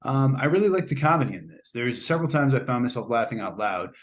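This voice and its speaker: A man's voice: medium pitch, sing-song, fast. A man hosting a casual spoken movie review, chatty and rambling, often hedging and restarting his sentences. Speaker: host.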